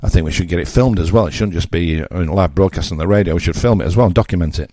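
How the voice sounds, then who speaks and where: A man's voice: sits low, fast talker, dark tone, no room sound, studio quality. A man in his sixties from England with a Yorkshire accent, presenting a radio show in a blunt, mocking, conversational monologue with asides. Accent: Yorkshire English.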